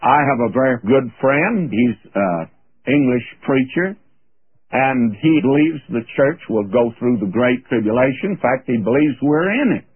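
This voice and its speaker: A man's voice: mid-range voice, animated, normal speed, breathy edge, no room sound. A man preaching a radio Bible teaching sermon, folksy, anecdotal and emphatic. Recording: tinny lo-fi radio broadcast.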